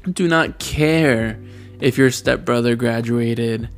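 A young man in his twenties talks slowly and tearfully to his younger self, his gravelly voice full of long pauses. Faint music plays softly behind him. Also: mid-range voice. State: crying. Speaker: vlogger.

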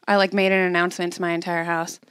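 A woman's voice: fairly low pitch, flat delivery, fast talker, a bit bright, clean tone, no room sound, studio quality. A young woman co-hosting a podcast in casual chat, blunt and swearing freely as she tells stories. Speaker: podcast co-host.

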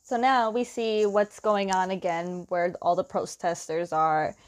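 A woman's voice: on the low side, fairly even intonation, a little slow. Chatty young woman recapping a story. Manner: chatty, laughs often, lots of "like" fillers. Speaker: comic recap host.

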